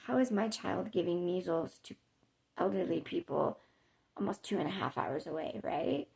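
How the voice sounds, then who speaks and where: A woman's voice: fairly low pitch, a little slow, creaky, pauses often, darkish tone. A woman vlogger telling a personal story in an emotional, conversational way with many fillers.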